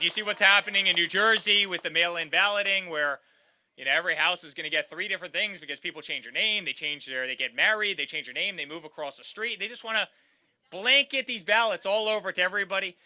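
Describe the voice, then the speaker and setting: Guy in his 30s firing up a rally crowd, high bright voice, keeps repeating himself. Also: fast talker. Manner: repetitive, rallying crowd, addresses them as guys. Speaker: campaign speaker. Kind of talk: campaign rally speech. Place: outdoor campaign rally.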